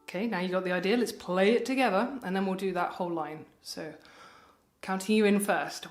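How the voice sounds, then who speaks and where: A woman music tutor giving a friendly, encouraging instrument lesson, chatting casually and counting beats aloud slowly. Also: medium pitch. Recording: roomy echo with ukulele playing.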